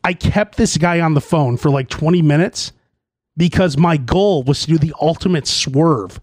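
A man's voice: a little high, moderate pace, darkish tone, dry recording, studio quality. A man hosting his own podcast, telling stories in a profane, playfully indignant way. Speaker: podcast host. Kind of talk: solo comedic storytelling podcast.

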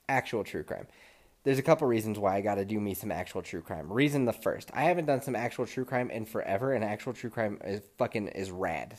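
Animated, profane male podcast storyteller. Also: mid-range voice. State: lingering cold. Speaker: podcast host. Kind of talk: casual storytelling monologue.

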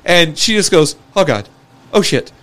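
A man chatting casually as a podcast co-host, quick and joking, often laughing and acting out reactions. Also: a little high, lively intonation, fairly bright tone. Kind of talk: casual chat.

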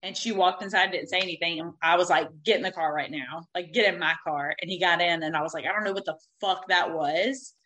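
Bright-voiced woman telling a candid story. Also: on the low side, a little fast, few pauses, a little hiss or hum, poor audio. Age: 30s. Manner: animated, swears freely, acts out quotes.

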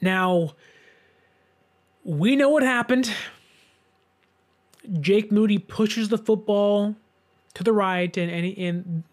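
Male sports host in his twenties, deliberate unhurried delivery, emphatic rant. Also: high-pitched. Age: 20s. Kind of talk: solo sports commentary.

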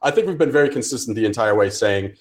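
A man's voice: lowish voice, expressive, fast talker, a little mellow. A young adult man co-hosting a casual sports podcast, wry and teasing, reasoning through his opinions at length. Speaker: podcast co-host.

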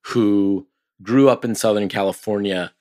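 Podcast co-host, man, lowish voice, chatty, laughs easily. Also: fairly even intonation, measured pace, darkish tone. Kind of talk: casual sports podcast chat.

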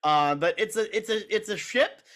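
A man hosting a relaxed podcast chat, his voice sitting a little above the usual male range. He talks eagerly and quickly, with plenty of "um"s scattered through his sentences. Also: high voice. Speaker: podcast host.

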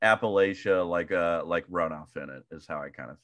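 Guy co-hosting a podcast, joking around and swearing a lot, bright voice that bounces all over, dry sound. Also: low-pitched, brisk, no room sound. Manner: animated, jokey and profane. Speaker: podcast co-host. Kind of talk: casual chat.

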